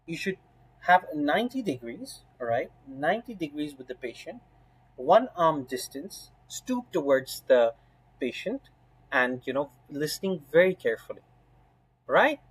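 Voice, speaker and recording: Husky man teaching a medical exam course. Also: on the high side, big pitch swings, a little slow, low-quality recording. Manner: emphatic, often adds "right?" and "you know". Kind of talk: spoken lesson.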